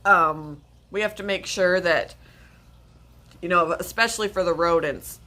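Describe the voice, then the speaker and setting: A woman's voice: on the low side, unhurried, pushed and bright. A woman hosting a pet channel, chatting casually on a livestream in a rambling way, often stopping to correct herself.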